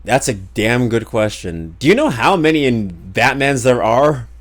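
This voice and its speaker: A man's voice: medium pitch, sing-song, a little slow. A man streaming a game, chatting casually and joking, rambling with many fillers. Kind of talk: casual live-stream chat.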